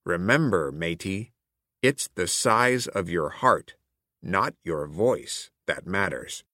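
A man voicing a gruff, kind-hearted old male pirate who works as a substitute teacher, growling his words with hearty arrs. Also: low voice, lively intonation, slow, sharp tone, dry recording, studio quality, exaggerated voice. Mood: gentle.

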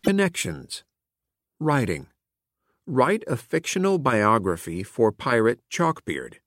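A man reading a children's picture book aloud in a clear, expressive way, including its classroom activity prompts. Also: medium pitch, takes it slowly, dry recording, studio quality. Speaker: storybook reader. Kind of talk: read-aloud children's story narration.

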